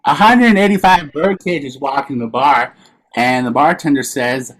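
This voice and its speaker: A man telling improvised punchline jokes over a video call, jumping higher for quoted characters. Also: moderate pace, fairly bright tone. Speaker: improv performer.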